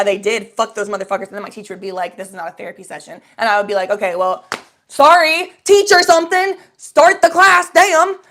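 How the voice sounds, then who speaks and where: A young woman spins a casual story for her live chat, lively and loose-tongued, swearing as she goes. Her voice sits at an everyday middle pitch. She slips into other people's voices to act out the scenes. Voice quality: animated, swears freely, acts out voices. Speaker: vlogger.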